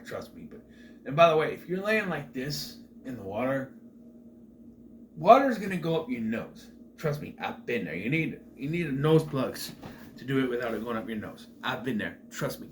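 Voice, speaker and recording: A middle-aged man hosts his own show, walking through a film's ending in a loose, rambling way, full of side remarks and restarts. His voice sits at an ordinary pitch for a man. Faint background noise runs under the recording. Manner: rambling, chatty asides and restarts. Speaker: movie review host. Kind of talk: casual film recap.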